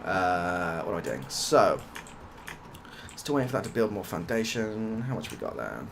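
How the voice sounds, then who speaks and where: A man's voice: sits low, big pitch swings, normal speed, gravelly, noisy background. A young British man casually chatting and rambling through a story while playing a game, swearing now and then. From United Kingdom. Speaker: ASMR gaming streamer. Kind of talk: soft-spoken gameplay chat.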